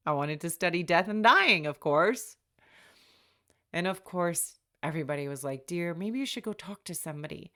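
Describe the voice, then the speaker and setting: A woman in middle age recounts her life as a podcast host. Her voice sits low and carries a gravelly rasp. She sounds reflective and wry, and she slips into the voices of the people she quotes. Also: fairly bright tone. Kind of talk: personal storytelling.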